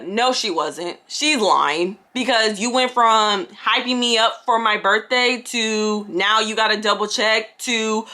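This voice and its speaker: A woman's voice: medium pitch, normal speed, few pauses, bright, forceful tone. A young woman telling a storytime vlog in an indignant, sassy way, acting out what her friends said. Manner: indignant, sassy, quoting friends in mock voices. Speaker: vlogger.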